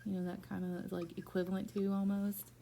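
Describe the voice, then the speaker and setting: A woman's voice: mid-range voice, little pitch movement, fairly quick, gravelly, warm tone, a little hiss or hum. A woman teaching reading one-on-one, prompting a student step by step with patient encouragement. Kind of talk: one-on-one phonics tutoring.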